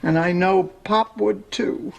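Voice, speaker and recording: An actress playing a grown daughter who talks earnestly and slowly to her mother in a sitcom. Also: mid-range voice, gravelly, a little hiss or hum, low-quality recording. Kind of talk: sitcom acting.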